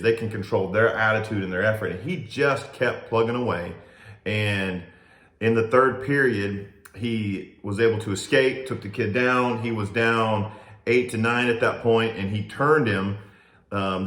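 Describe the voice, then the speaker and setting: A man in his thirties co-hosting a family podcast and coaching youth wrestling, telling stories in a steady, earnest way. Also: fairly low pitch, echoey room. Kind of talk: casual chat.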